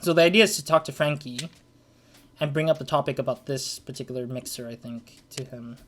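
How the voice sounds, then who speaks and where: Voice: mid-range voice, a little fast, fairly bright tone, slight background noise. A let's play host commenting on a detective game and reading its text aloud, rambling and apologetic, with many restarts.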